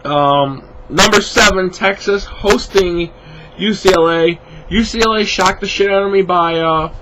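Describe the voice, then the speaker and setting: A man's voice: sits high, normal speed, a bit bright, a little hiss or hum, poor audio. A man casually rambling through his football picks, tired and yawning, with lots of fillers and restarts. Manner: rambling, many fillers, self-correcting. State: sleepy, yawning. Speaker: sports vlogger making picks. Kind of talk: casual spoken predictions.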